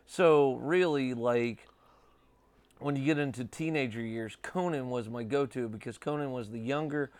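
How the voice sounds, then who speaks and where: A man's voice: medium pitch, moderate pace, a little mellow, smooth. A man in his thirties hosting a podcast, rambling casually with lots of filler and swearing. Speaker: podcast host. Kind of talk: casual chat.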